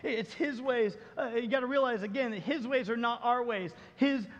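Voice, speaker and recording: A man's voice: extremely high pitch, normal speed, long reverb tail, muffled recording. A man preaching a sermon in a church, emphatic and repetitive. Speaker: pastor.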